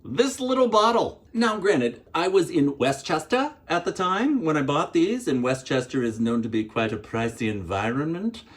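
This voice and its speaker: A man's voice: a little high, big pitch swings, normal speed, few pauses. A middle-aged man from Pittsburgh with a Pittsburgh accent, hosting a playful, theatrical home cocktail tutorial at home. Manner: playful, theatrical, swoops up on counts and exclamations. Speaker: home bartending host.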